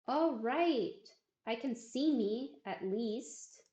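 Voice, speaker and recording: On a muffled, roomy-sounding stream, a woman chats casually, rambling along with wry, self-deprecating humor. Her voice is fairly high, animated and mellow, and she talks extremely slowly.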